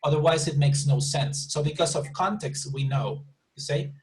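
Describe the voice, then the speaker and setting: A man's voice: on the high side, moderate pace, rough recording. Patient man teaching English online. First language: Spanish. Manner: patient, repeats and rephrases, checks understanding. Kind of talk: online class instruction.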